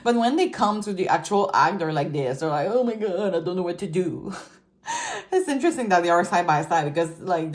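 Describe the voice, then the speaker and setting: A chatty, giggly woman whose first language is French gives a casual tarot reading in loose, filler-heavy talk. Her voice is lowish and a little mellow.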